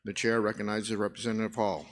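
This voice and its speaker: A man presiding over a legislature, giving brisk, formulaic procedural announcements. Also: on the low side, level tone. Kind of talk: formal parliamentary procedure.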